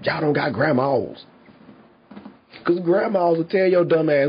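Here a husky-voiced man, pitched on the high side, takes his time with a profane rant aimed at viewers. As a commentary podcaster he stays heated and emphatic, swearing constantly with laughs in between, over slightly dull lo-fi audio.

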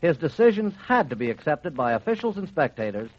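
Lively cheerful sidekick on old radio. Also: male voice, a little high, fairly quick, dry recording. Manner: cheerful straight man. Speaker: co-host. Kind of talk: scripted radio banter. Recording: dull lo-fi 1940s radio recording.

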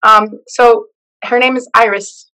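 A woman telling her personal faith testimony in an animated way, acting out the voices of the people in her story. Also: on the high side, a little slow, rough recording. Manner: expressive storyteller who acts out the quoted lines. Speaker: guest sharing her testimony.

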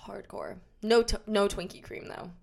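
A woman's voice: mid-range voice, expressive, normal speed, vocal fry, crowd noise. A young adult woman co-hosting a podcast, reacting in a playful, laughing, goofy way. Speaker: podcast co-host. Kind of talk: casual chat.

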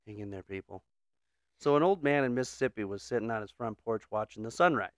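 A man co-hosting a podcast, telling a joke in a relaxed way and laughing often. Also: lowish voice, quick pace, no room sound, studio quality. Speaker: podcast co-host. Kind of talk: casual chat, joke telling.

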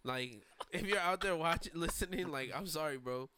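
Bright-voiced young New man. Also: on the high side, moderate pace, slight background noise. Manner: rambling, filler-heavy storytelling with quoted voices. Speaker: podcast host. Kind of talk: casual chat storytelling.

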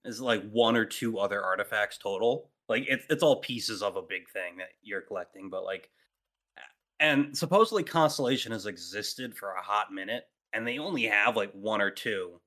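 A man co-hosting a casual gaming podcast, talking loudly and emphatically. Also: on the low side, moderate pace. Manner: loud, emphatic. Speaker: podcast co-host. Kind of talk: casual chat.

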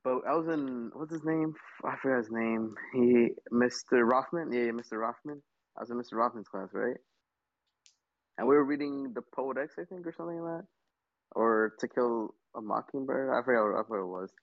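A man's voice: mid-range voice, brisk, dry recording. A young man telling a story in casual chat, with loose stumbling restarts. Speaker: podcast co-host. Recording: dry, dull lo-fi sound.

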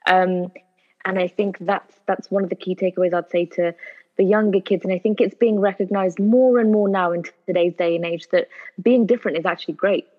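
A woman's voice: on the low side, steady tone, brisk. A woman, a podcast guest giving earnest answers and repeating phrases for emphasis. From United Kingdom. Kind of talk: earnest conversational interview answers. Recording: tinny phone-like line.

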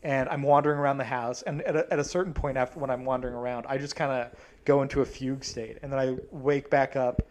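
A man's voice: medium pitch, fairly even intonation, quick pace, a little mellow. A man co-hosting a podcast, telling a story in a casual, profane and exasperated way with plenty of swearing. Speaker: podcast co-host.

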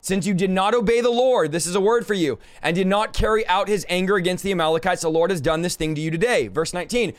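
A man's voice: high-pitched, quick pace, hardly any pauses. A man hosting a podcast, giving a fervent preaching-style Bible teaching and exhorting the listener directly. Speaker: podcast host.

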